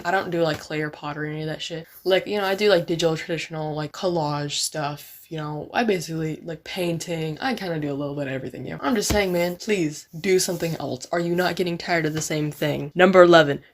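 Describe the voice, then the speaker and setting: Profane ranting woman, low voice. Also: a little hiss or hum. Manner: profane, lots of "like" fillers, exasperated. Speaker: art vlogger. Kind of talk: casual ranting commentary.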